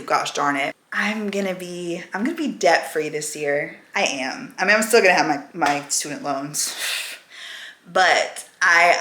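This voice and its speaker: Woman vlogger, casual and chatty, bright tone, echoey room. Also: low-pitched. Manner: rambling, candid, chatty. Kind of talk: casual weekly vlog chat. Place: at home, indoors.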